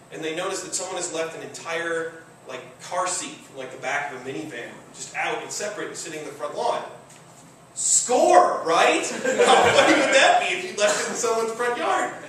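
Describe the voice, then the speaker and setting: A man from Michigan tells a true story on stage, casual and chuckling, with plenty of fillers. His voice sits a touch high for a man. It comes from some way off the mic and rings around a very echoey room. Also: fairly bright tone, distant mic, a little hiss or hum. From Michigan, USA. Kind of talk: live comedic storytelling.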